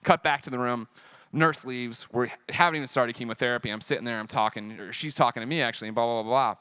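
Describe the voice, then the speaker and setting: A man speaking at a convention panel, telling a personal story in an animated, profane way and acting out the dialogue. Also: mid-range voice, fast talker, smooth, no room sound.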